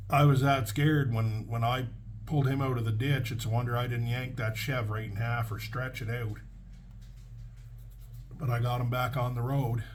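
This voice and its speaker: Middle-aged trucker, folksy storyteller, mid-pitched, restarts a lot. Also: male voice, little pitch movement, moderate pace, a little hiss or hum. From Canada. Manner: folksy, plainspoken, with frequent restarts. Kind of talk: casual spoken storytelling.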